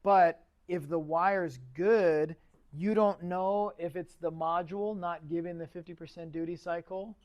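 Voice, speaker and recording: Brief: male shop-class instructor, higher-pitched voice, loose and conversational, quizzes the room. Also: darkish tone. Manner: chatty, asks the class questions. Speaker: automotive instructor. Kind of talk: casual classroom lecture.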